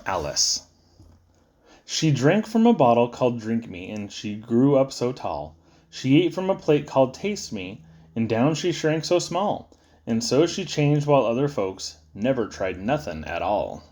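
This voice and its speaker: A man giving a playful, sing-song reading of children's poems, with sudden high squeaks and low drops. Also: very animated, measured pace, darkish tone. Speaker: poetry reader.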